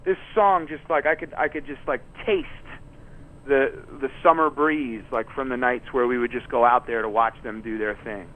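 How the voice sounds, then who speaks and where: A touring musician guest telling rambling stories in a casual interview, full of fillers and restarts. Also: male voice, medium pitch, steady tone, normal speed. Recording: tinny phone-line audio.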